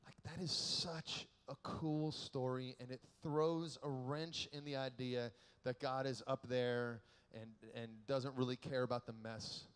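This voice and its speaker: Animated man preaching in an echoey hall. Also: medium pitch, measured pace, few pauses, clean tone. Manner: animated, joking storyteller who acts out quotes. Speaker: keynote speaker. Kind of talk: youth conference keynote sermon. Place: large conference hall.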